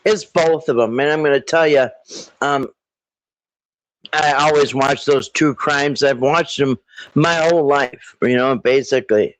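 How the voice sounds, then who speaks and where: A man hosting a casual live stream, rambling with halting restarts and frequent throat clearing. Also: medium pitch, no echo, rough recording. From Minnesota.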